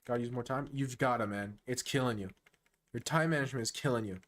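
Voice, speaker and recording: Streaming live chess commentary, this fast-talking man has a typical middle pitch and an excitable, slangy style, addressing the player head-on as though coaching a buddy.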